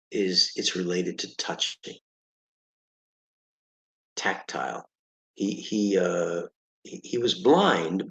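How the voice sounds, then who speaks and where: Speaking in a low, creaky voice, a male tutor works through vocabulary with a single student, giving examples for every word and frequently checking in with "okay?" The room echoes and the recording is rough.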